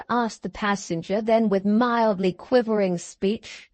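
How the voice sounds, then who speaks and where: A woman reading a classic novel aloud as an audiobook narrator, in measured storytelling. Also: medium pitch, fairly even intonation, a little mellow, no room sound. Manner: measured storytelling, voicing the characters.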